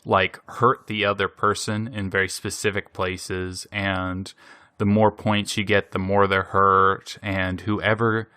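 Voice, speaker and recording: A man hosting a podcast, casually recapping an anime episode in an animated way, laughing often and using many fillers. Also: low-pitched, takes it slowly, clean tone, dry recording, clean studio sound. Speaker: podcast host.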